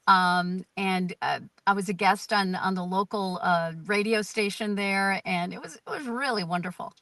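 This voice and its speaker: An American woman telling lively, self-deprecating stories as the guest in an interview, speaking from a parked car. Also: medium pitch, normal speed, no echo. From United States. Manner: animated, self-deprecating, storytelling. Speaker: guest performer. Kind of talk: casual interview.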